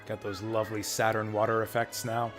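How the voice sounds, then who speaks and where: A man's voice: on the low side, flat delivery, fairly quick. A man streaming an old role-playing game, chatting casually and reading the game's text aloud with his own asides. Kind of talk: casual let's-play commentary. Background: faint game music.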